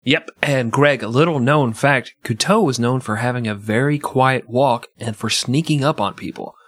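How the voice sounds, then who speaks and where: A man's voice: medium pitch, moderate pace. A man co-hosting a podcast, joking and swearing in casual chat. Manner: joking, swearing, laughs a lot. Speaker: podcast co-host.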